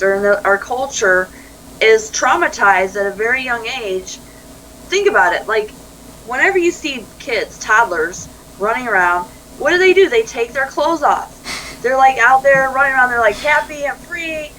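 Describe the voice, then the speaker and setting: Bright-voiced animated woman. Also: a little high, a little hiss or hum, rough recording. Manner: animated storyteller who acts out quoted dialogue and laughs easily. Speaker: life coach, interview guest. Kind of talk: conversational interview.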